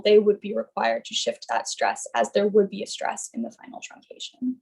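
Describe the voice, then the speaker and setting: A young woman in her twenties gives a student research presentation, explaining things carefully but with many fillers and restarts. Her voice is fairly high in pitch and a little mellow.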